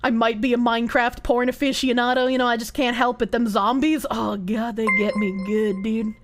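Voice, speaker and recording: A woman's voice: fairly high pitch, little pitch movement, moderate pace, music in the background. A woman livestreamer chatting casually, reading chat, giggling often and swearing freely.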